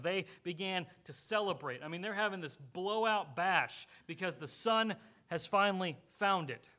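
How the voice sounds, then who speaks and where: A male pastor preaching a sermon, telling the story with animated energy and acting out the characters. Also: sits high.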